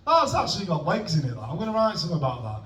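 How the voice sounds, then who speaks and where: Self-deprecating comedian, high voice, roomy. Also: male voice, huge pitch swings, racing, fairly bright tone. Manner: self-deprecating, awkward, trailing off mid-joke. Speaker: stand-up comedian at an open mic. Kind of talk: rambling stand-up set. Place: comedy club stage with audience. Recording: roomy venue sound from a distant mic.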